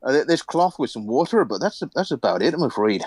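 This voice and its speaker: A man's voice: mid-range voice, big pitch swings, fast talker, a little mellow, slightly rough, no room sound. A man voicing a grizzled, crude old male dwarf with a Scottish accent who curses and insults constantly. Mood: apologetic. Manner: cursing, insulting.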